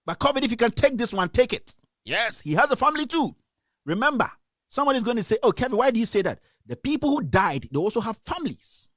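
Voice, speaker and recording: A Ghanaian man hosts a radio stream from his home in the United States, delivering angry, impassioned news commentary and repeating himself. His very high voice swings widely in pitch, runs fairly quick and a bit bright, on a dry, studio-quality recording.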